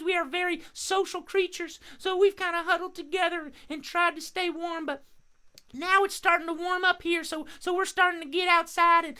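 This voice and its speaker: A man's voice: very high-pitched, pushed and bright, voice pushed up, exaggerated voice. A man voicing a friendly, sociable female crow puppet in a children's puppet show, chatty and cheerful.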